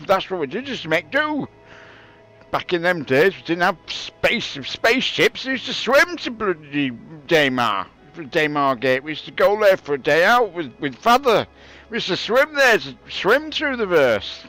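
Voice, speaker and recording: Brief: cranky old-timer, put on by a man, high and loud, ranting about the good old days. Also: poor audio. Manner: ranting, indignant, exaggerated. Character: grumbling old man, nostalgic, scornful of youth.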